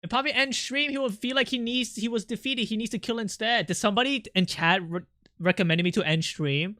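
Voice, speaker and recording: Young man, art streamer, snappy and swearing, high voice, dry sound. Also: brisk, bright, forceful tone, dry recording. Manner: irritable, snappy, swearing and venting to chat. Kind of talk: casual live-stream chat.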